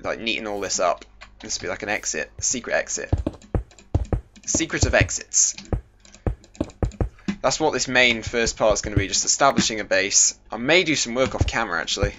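A man's voice: moderate pace, pauses often, over music. A young man casually commentating his gameplay, goofy and chatty, joking with himself. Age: young adult. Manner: chatty and goofy, jokes to himself, lively pitch jumps. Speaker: gaming YouTuber. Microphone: desk microphone. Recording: dull home mic with faint hiss.

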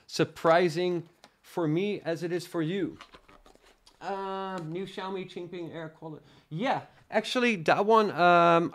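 A young Dutch man with a faint Dutch accent, hosting a casual live product review and chatting with viewers, rambling with lots of fillers. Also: fairly high pitch. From Netherlands. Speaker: tech livestream host.

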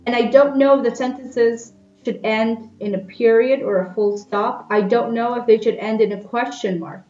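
A woman's voice: fairly high pitch, darkish tone. A woman teacher giving recorded class instructions to children, patiently explaining and checking in with "okay?". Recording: echoey room, slightly dull lo-fi sound.

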